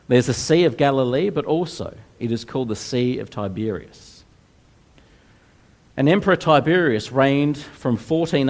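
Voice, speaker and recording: Slow, earnest male preacher, mid-pitched, unhurried delivery. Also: a little mellow. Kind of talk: sermon.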